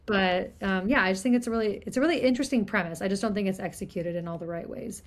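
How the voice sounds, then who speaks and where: A woman's voice: medium pitch, fast. A woman in a mid-range voice chats on a film podcast and gives frank opinions. She talks in a loose, everyday way, leaning on "like" as she thinks aloud. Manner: chatty, giving frank opinions with "like" fillers. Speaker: podcast co-host. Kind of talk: casual film discussion.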